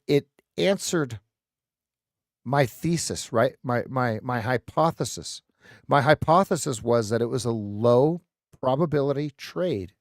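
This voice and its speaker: A man talking over a live trading session at a middle pitch, close to a dry, dead-sounding mic. He is animated and playful, teasing his chat and repeating words as he goes. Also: no echo. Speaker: trading stream host. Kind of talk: live stream commentary.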